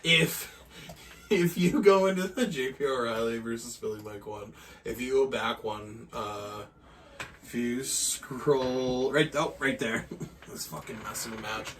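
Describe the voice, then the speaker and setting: Bright-voiced man telling stories. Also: medium pitch, measured pace, far from the mic, a little hiss or hum. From Maine, USA. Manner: animated, profane, acts out quotes. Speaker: guest pro wrestler. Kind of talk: casual storytelling chat.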